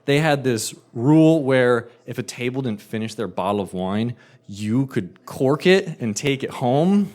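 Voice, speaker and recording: Animated male storyteller, wry comic build. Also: mid-range voice, a little slow.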